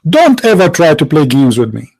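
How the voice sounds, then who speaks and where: A man's voice: a little high, huge pitch swings, moderate pace, gravelly, a little mellow, slightly rough, low-quality recording. A man hosting a heated religious debate, taunting with repeated rhetorical questions. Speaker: debate show host.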